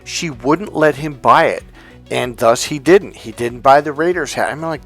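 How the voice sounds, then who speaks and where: A man's voice: mid-range voice, normal speed, soft background music. A man giving a casual, blunt lecture as a dating coach, swearing freely and telling anecdotes. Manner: blunt, profane, emphatic.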